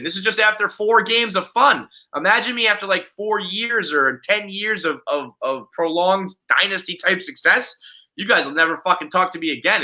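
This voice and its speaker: A man, co-hosting a casual podcast chat in a brash, profane, animated way. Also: high-pitched, moderate pace, low-quality recording. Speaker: podcast co-host.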